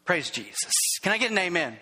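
A man's voice: high-pitched, big pitch swings, fast talker, sharp tone, breathy edge, long reverb tail. A male pastor preaching a sermon, fervent and emphatic, asking rhetorical questions and repeating words.

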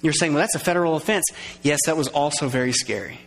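A man preaching a sermon, conversational and lively, acting out little quoted voices and drawing in his congregation. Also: on the high side, fast, vocal fry. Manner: conversational, acts out quoted voices, engages audience. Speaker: pastor. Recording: long reverb of a large hall.

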